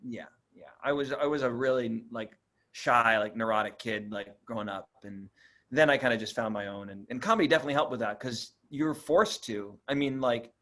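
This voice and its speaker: A young man with a slight Boston accent, talking as a comedy guest in a casual chat. His easygoing delivery is self-deprecating, and his pitch sits in an ordinary middle range. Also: a little fast, fairly bright tone.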